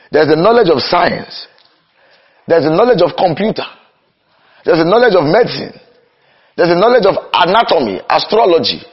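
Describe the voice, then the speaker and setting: Young guy preaching hard, slows way down then rushes, kinda muffled lo-fi sound. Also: high voice, husky. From Nigeria. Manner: impassioned, swings between slow emphatic cries and rapid runs. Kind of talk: sermon. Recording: dull lo-fi recording.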